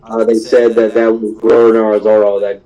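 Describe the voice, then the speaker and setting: A man's voice: fairly low pitch, flat delivery, normal speed, mellow, lo-fi sound. A young man hosting a show, casually recapping anime episodes in a rambling way full of fillers and small laughs.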